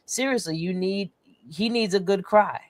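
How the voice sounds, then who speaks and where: A woman's voice: mid-range voice, moderate pace, no room sound. A young woman co-hosting a casual chat, earnest and supportive, with slangy talk and frequent "like.". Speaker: co-host, emotional wellness teacher.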